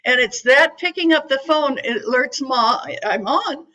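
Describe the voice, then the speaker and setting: Chatty older woman with a bright high voice. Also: unhurried, highs cut off. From California, USA. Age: 80s. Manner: chatty, animated storyteller. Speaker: psychic medium. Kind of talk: storytelling talk to an audience.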